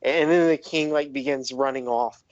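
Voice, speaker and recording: A man narrating a tabletop game as game master, casual and halting with many fillers. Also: medium pitch, fairly even intonation, dull audio, a loud crowd. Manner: casual, lots of likes and ums, restarts.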